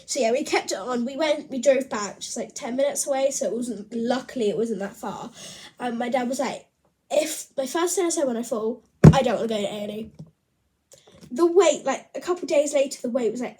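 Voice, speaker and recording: A woman's voice: a little high, normal speed, warm tone. A woman chatting to camera in a casual, rambling vlog, often laughing as she talks. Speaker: vlogger.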